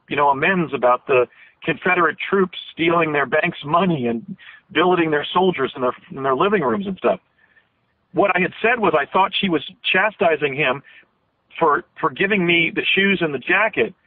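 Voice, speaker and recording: A man in his fifties with a somewhat high voice tells a long, rambling story earnestly, with many restarts, as a guest calling into a radio show. There's no echo; the phone audio is tinny and dry.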